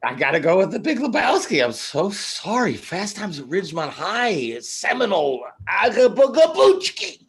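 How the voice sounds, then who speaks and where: A man chats on a panel, giggly and rambling. His voice leaps up and down wildly and sits a little high. He laughs often through his sentences. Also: sing-song, normal speed, hardly any pauses, fairly bright tone. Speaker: panel guest. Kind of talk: casual chat.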